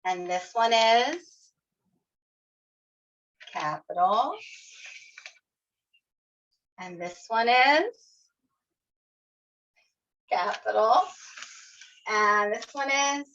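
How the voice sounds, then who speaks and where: Patiently encouraging young children, a kindergarten teacher sounds out each letter slowly during a phonics lesson. She has a bright, fairly high voice, and the video's audio comes across a little dull and lo-fi.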